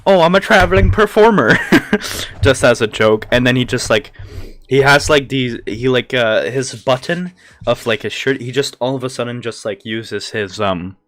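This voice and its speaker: A man's mid-range, fairly bright voice moves at a moderate pace as he hosts and retells a story in a rambling, casual way. He fills it with "like" and "you know" and laughs frequently between lines; the recording is dry.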